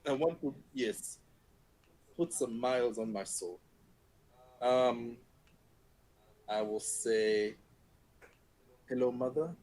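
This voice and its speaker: A man playing a tabletop game, speaking in a halting, deliberate way. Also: mid-range voice, a little mellow, poor audio. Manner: halting, deliberate, in-character speech. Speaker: player. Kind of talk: tabletop role-play.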